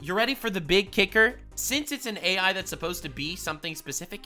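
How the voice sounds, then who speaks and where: A male reaction streamer with a very bright, cutting voice whose pitch leaps all over as he comments. He swings between loud, profane, exasperated rants and hushed mutters. Faint music plays underneath. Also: lively intonation, fairly quick, hardly any pauses.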